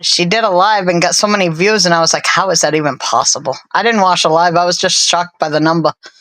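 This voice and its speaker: A woman co-hosting a live stream, chatting casually in a rambling, self-deprecating way with many fillers and pauses. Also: fairly low pitch, steady tone, fairly bright tone, no room sound, rough recording.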